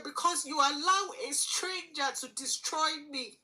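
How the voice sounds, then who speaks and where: A woman, a guest on an interview show, telling her personal story in an earnest, halting way and often repeating her phrases. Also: high-pitched, bright, forceful tone, poor audio. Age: 40s. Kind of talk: emotional personal testimony.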